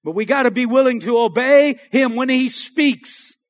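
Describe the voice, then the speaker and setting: A pastor preaching to his church in a strikingly high voice. He calls for amens in call-and-response style and rises to shouts. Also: moderate pace. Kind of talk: sermon. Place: church sanctuary.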